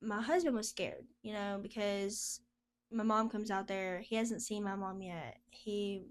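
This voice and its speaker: A woman's voice: mid-range voice, steady tone, unhurried. A woman sharing a personal testimony as a podcast guest, telling her story in a chatty, casual way and laughing often.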